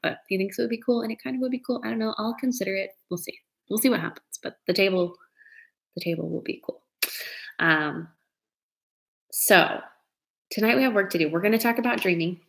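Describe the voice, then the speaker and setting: A woman's voice: mid-range voice, brisk, gravelly, long pauses, fairly bright tone. A middle-aged woman hosting a casual live broadcast from her dining room, chatty and emotional, laughing often. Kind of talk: casual live-stream chat.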